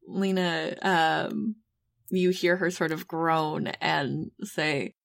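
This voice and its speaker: A woman narrating as game master of a tabletop game, halting and often breaking into laughter. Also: low voice, fairly even intonation, vocal fry, dry recording.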